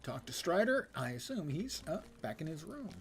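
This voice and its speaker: A man's voice: fairly high pitch, big pitch swings, moderate pace, a little hiss or hum. An older man giving casual, wry commentary while streaming a game and reading quest text aloud.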